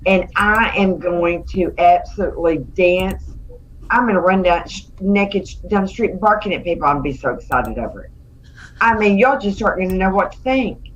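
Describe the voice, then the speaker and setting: A woman chatting casually as a co-host, telling stories in an animated way. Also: mid-range voice, moderate pace. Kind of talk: casual chat. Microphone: video call. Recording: dull lo-fi stream audio with faint noise.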